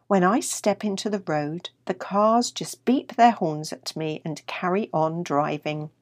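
A woman voicing a gentle, timid young male house cat in a read-aloud storybook. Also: on the low side, measured pace, dry recording, studio quality, close to an everyday voice.

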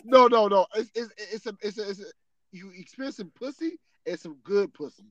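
A man with a high voice co-hosts a loose, crude podcast chat. He is laid-back and laughs easily, tagging most lines with "you know what I'm saying.". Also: brisk, a bit bright, dull audio. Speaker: podcast co-host. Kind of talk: casual chat.

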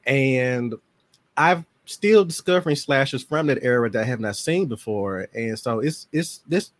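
A man's voice: mid-range voice, unhurried, no echo. A man in his forties, a podcast guest, telling stories in a casual chat and slipping into his family's voices. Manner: lively storyteller who acts out family members' voices.

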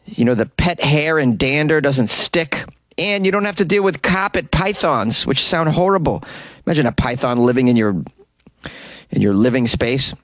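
A man's voice: a little high, lively intonation, normal speed, fairly bright tone, dry recording. A man hosting a comedic news podcast, reading odd stories with wry, joking asides, recorded in a closet. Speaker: podcast host.

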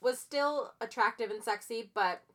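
A woman's voice: on the high side, moderate pace, crowd noise. A woman co-hosting a podcast, chatting casually, blunt and jokey, swearing freely. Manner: blunt, joking, swears freely, laughs often. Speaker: podcast co-host. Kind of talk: casual chat.

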